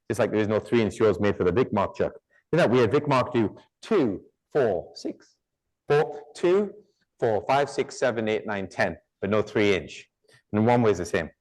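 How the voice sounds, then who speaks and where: A man's voice: on the low side, a little mellow. A man giving a live woodturning demonstration, chatty and joking, with rambling asides.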